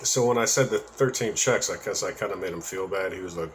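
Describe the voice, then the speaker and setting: A man's voice: low-pitched, fairly quick, a little hiss or hum. A man telling a story from his own life in a casual, rambling monologue, with profanity and joking asides.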